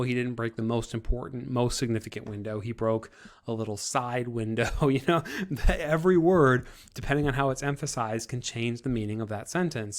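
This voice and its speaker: A man teaching a class and explaining a group project to his students, talking in a relaxed, conversational way. His voice sits at an ordinary middle pitch for a man, and he often restarts his sentences and fills pauses with small hesitations. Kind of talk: classroom instruction video. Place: recorded for an online class.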